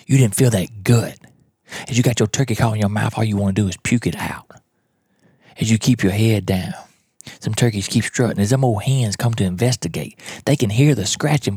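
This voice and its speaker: Man, gravelly, husky, folksy blunt storyteller. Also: deep voice, a little mellow, no room sound, studio quality. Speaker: podcast host. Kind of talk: storytelling monologue.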